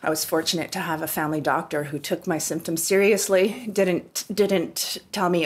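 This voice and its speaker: Canadian woman, 40s, husky lower voice, candid interview guest. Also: steady tone, normal speed, few pauses. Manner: candid, conversational, many restarts. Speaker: podcast guest. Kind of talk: personal story in an interview.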